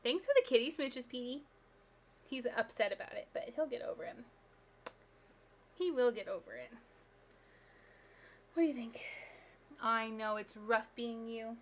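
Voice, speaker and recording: A woman's voice: on the high side, measured pace, pauses often, a bit bright, slight background noise. A woman streaming live from home, chatting casually and upbeat with her viewers while she builds.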